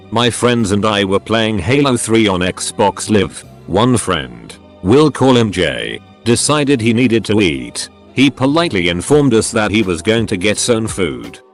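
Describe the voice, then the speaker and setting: A man with a fairly low voice reads short stories aloud in a scripted narration. His pitch moves a lot, rising and falling through each sentence. Faint music plays behind him. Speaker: narrator reading online stories. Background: faint background music.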